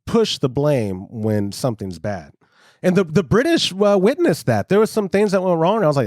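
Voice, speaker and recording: A man's voice: fairly high pitch, big pitch swings, moderate pace, darkish tone, no room sound, clean studio sound. A man, co-hosting a homebrewing podcast in casual, rambling, self-mocking chat. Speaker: podcast co-host.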